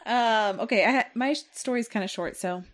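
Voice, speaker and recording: Woman, co-host, casual true crime chat, halting storytelling, dry sound. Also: fairly high pitch, dry recording. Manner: chatty, hesitant storytelling with fillers. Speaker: podcast co-host.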